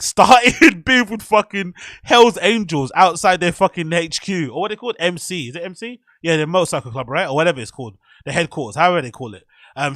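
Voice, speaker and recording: A man hosting a show, excitedly reacting to a video with slangy, swearing commentary. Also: fairly high pitch, no room sound, clean studio sound. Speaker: host.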